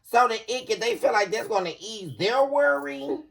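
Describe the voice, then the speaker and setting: A woman doing a casual tarot reading for her viewers, animated and quick to laugh, calling out to them often. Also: fairly high pitch, vocal fry. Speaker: tarot reader.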